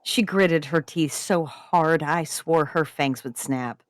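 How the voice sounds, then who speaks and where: A woman hosting a writing-prompt stream, reading submitted stories aloud in an expressive way. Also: low-pitched, slow, few pauses, dry recording. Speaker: podcast host reading submissions. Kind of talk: livestream story reading.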